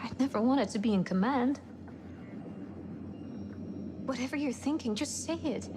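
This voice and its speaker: An actress playing a weary female executive officer who speaks quietly and haltingly, at times in a whisper. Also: high voice, background noise. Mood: strained.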